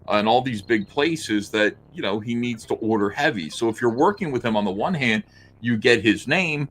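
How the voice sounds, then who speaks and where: Flipping through a comic and sketching at his desk, a podcast co-host talks in a medium-pitched, slightly bright voice. His commentary is casual and mocking, and he laughs and swears often.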